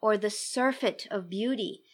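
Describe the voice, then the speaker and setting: A woman discussing a poem thoughtfully and reflectively with a colleague, letting her voice soften at the ends of her thoughts. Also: mid-range voice, measured pace. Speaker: interviewer and literature scholar. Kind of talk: conversational discussion.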